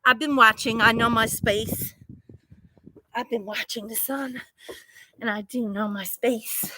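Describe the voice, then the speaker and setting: A woman vlogging casually outdoors in her garden, rambling excitedly and swearing freely. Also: fairly high pitch, measured pace. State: a little out of breath.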